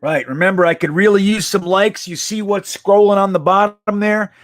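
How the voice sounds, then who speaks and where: A man with a high voice hosts a casual live stream, reading out comments and answering them bluntly, swearing freely. The sound is dry and close, with no room around it. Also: steady tone, normal speed, no room sound. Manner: blunt, profane, reacts to chat.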